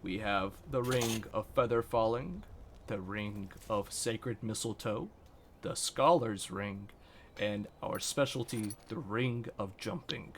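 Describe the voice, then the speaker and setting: A calm stone merchant offers his wares, as a man puts him on, slow and formal. His voice is gravelly. A faint noise runs beneath it. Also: lowish voice. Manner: slow, formal salesman talk. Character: calm male stone elemental ring merchant.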